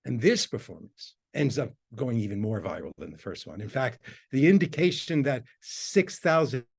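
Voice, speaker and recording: A man, a university lecturer, reading a prepared academic talk in a measured, formal way. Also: medium pitch, very animated, creaky, slightly rough.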